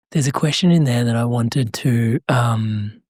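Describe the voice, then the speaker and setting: Very low-voiced, husky woman host. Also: no room sound, clean studio sound. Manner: gentle and encouraging, laughs along. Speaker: podcast host. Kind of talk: interview questions.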